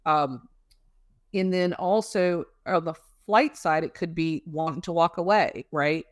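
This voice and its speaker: A woman's voice: lowish voice, unhurried, dry recording, clean studio sound. A woman speaking as a guest on an interview show, explaining emotions in a conversational way with many fillers and homely images. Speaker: guest expert on emotional regulation. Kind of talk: casual explanatory interview talk.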